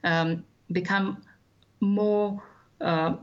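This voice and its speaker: A man, recounting his childhood as an interview guest in a measured, thoughtful way with frequent hesitations. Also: sits high, steady tone, lo-fi sound. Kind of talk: reflective personal storytelling.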